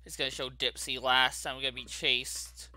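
A man hosting his gaming channel, narrating a horror game as he plays, jittery and saying how scared he is, with sudden loud yelps. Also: mid-range voice, little pitch movement, moderate pace. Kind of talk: horror game let's play commentary.

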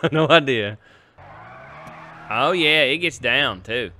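A man's voice: mid-range voice, expressive, slow, bright, forceful tone, a little hiss or hum. A young man with a drawl, joking and bantering in a casual roleplay game with a rowdy manner. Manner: rowdy joking drawl, makes siren noises. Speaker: streamer playing a roleplay character.

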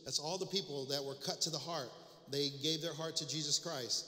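A man's voice: a little high, fairly even intonation, fairly quick, bright, forceful tone. A man preaching a sermon as pastor, reading scripture aloud and then explaining it. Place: church sanctuary. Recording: echoey church hall.

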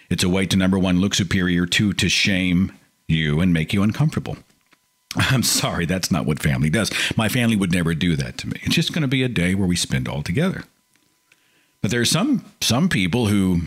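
A man's voice: deep voice, husky. A man hosting a call-in podcast, talking casually and with feeling. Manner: animated, mocking impressions of pious relatives. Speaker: podcast host. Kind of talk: casual call-in show monologue.

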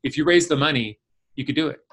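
A man's voice: a little high, fast. A man speaking as a guest on a video call, telling a long story and acting out the people in it. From Chicago area. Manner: animated storyteller acting out quoted voices. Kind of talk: storytelling in an online class.

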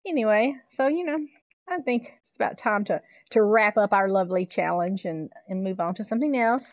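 A woman streaming a game live, chatting casually with viewers, excitable and swearing freely. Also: mid-range voice, fairly quick, dry recording, dull audio.

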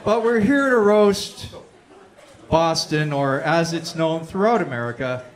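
High-voiced man roasting on stage. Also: a little slow. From Canada. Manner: brash, deadpan insult punchlines. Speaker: roast battle comedian. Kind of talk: stand-up roast. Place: comedy club stage. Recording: live club with crowd laughter.

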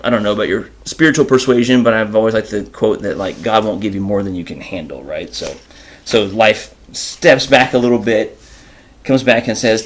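A man hosting an informal enrichment lesson, animated and chatty as he reads from a children's book. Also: fairly low pitch, a little hiss or hum. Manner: animated, informal, many fillers. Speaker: host and teacher.

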